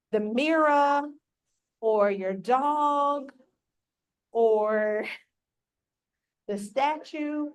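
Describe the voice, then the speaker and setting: A woman with a somewhat high voice leads a live workshop, speaking straight to the people in the room. Her manner is upbeat and coaching, with an encouraging push behind it. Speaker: workshop presenter. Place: conference room with a live audience. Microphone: on a mic, recorded for a hybrid audience.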